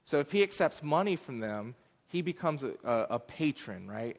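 A man's voice: medium pitch, in a large hall. A man giving a sermon, explaining scripture in a conversational way with fillers. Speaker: pastor. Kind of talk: sermon teaching.

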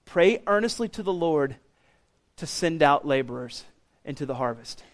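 A man in his thirties preaching a sermon as pastor, animated and getting loud when he acts out what others say. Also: a little high, moderate pace.

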